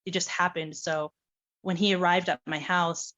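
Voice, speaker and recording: A woman's voice: lowish voice, moderate pace, dull audio. A woman casually telling her own adoption story, acting out the dialogue with lots of animation. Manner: animated, acts out quoted dialogue, laughs often.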